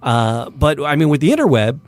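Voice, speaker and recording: A man hosting a casual chat, rambling and self-deprecating, with lots of fillers and restarts, his voice a little squeaky from recording all day. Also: sing-song, normal speed, a little mellow. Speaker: podcast host.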